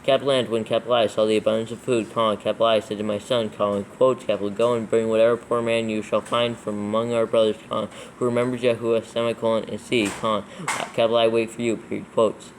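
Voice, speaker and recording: A man's voice: on the low side, level tone, quick pace, hardly any pauses, slight background noise, low-quality recording. A man reading scripture aloud for proofreading, steadily spelling out every punctuation mark and capital letter. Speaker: scripture reader in a proofreading session. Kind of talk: dictating text aloud with punctuation.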